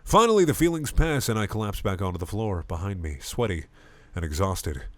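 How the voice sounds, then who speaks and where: Lively low-voiced male story reader. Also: brisk, dry recording. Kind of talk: comedic reading of an erotic parody story.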